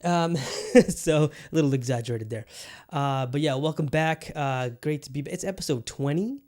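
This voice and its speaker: A man's voice: a little high, normal speed, darkish tone. A man hosting his own podcast alone, chatting casually and rambling with lots of restarts and the odd swear word. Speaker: podcast host. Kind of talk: casual solo podcast chat.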